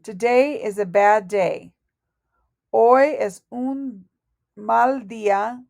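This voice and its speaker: A woman teaching a Spanish lesson from her notes, speaking slowly and deliberately and correcting herself aloud as she goes. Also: fairly high pitch, vocal fry, a little mellow, no room sound. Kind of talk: recorded lesson reading through notes.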